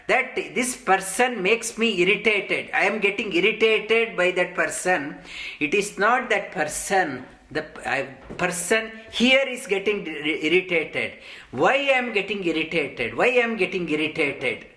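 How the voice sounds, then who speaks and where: A man giving a slow, halting scripture discourse as a spiritual teacher, full of ums and restarts. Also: sits high, expressive, bright, forceful tone. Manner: halting, many ums, slow deliberate explanation.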